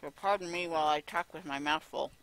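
Bright, rambling woman streamer. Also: low-pitched, fairly quick. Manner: chatty, rambling, with lots of fillers. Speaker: let's play streamer. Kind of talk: casual gameplay commentary. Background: faint game music.

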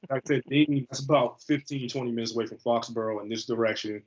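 A man in his thirties from the US East Coast, a football player telling his story as a guest on an interview show. He talks in an animated, slangy way. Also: medium pitch, quick pace. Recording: slightly muffled lo-fi recording.

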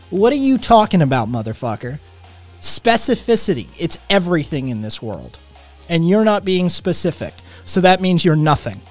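A man's voice: high voice, sing-song, moderate pace, soft background music. A man who says he is sick and in pain, ranting with constant swearing while he reads and answers his chat. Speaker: streamer. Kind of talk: ranting live stream chat.

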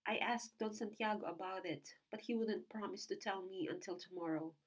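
A woman's voice: mid-range voice, moderate pace, natural voice. A woman reading the lines of a young man just returned from abroad, questioning urgently and with rising alarm. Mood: earnest.

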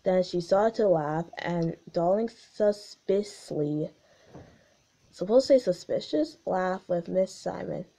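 A woman's voice: on the low side, lively intonation, slow, gravelly, warm tone. A young woman reading aloud a story she wrote as a child, stumbling over words and adding her own comments. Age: young adult.

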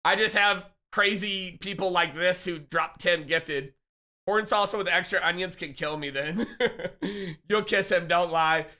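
A young man live-streaming, chatting casually and excitedly with his viewers and reading their messages aloud. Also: sits high. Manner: hyped, laughing, reads chat aloud.

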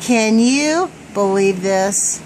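A woman's voice: medium pitch, lively intonation, very slow, darkish tone, slight background noise, poor audio. A woman vlogger reading a report aloud from her screen, indignant and swearing, often stumbling over words. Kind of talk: agitated screen-reading rant.

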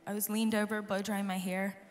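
A woman worship leader, hoarse and losing her voice, telling an earnest personal testimony to a live audience. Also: medium pitch, level tone, brisk. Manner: earnest, storytelling, talks to the crowd. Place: large conference hall. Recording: live hall reverb with soft music.

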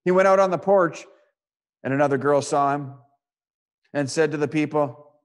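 This sermon comes from a man with a fairly high voice who speaks at a moderate pace and leaves long pauses. He reads scripture aloud, then expounds with rhetorical questions and repetition, moving between loud and soft delivery.

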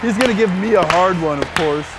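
A man's voice: sits high, a little fast, over music, rough recording. A young man competing in a trivia challenge, jokey and complaining. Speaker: challenge contestant. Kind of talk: joking banter.

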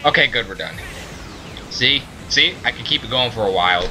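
A man playing a video game and commenting, ranting loudly at his teammates in a put-on silly voice. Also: medium pitch, expressive, normal speed. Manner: loud, frustrated ranting at teammates. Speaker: let's play gamer. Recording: faint game music behind. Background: game music.

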